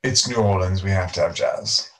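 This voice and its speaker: A man's voice: low voice, a bit bright, pitched below the performer's own voice, low-quality recording. A man playing a prim, cautious male director who speaks politely and formally. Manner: polite, measured, slightly formal.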